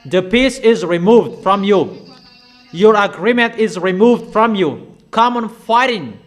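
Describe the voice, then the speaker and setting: Male preacher, high-pitched, emphatic and repetitive sermon delivery. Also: expressive, takes it slowly. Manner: repetitive, emphatic declarations in plain broken English.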